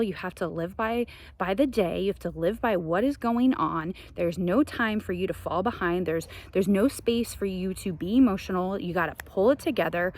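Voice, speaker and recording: A woman hosting her own show, talking passionately in a spiritual monologue, venting with laughs now and then. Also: medium pitch. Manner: passionate, ranting, frequent laughs. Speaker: podcast host.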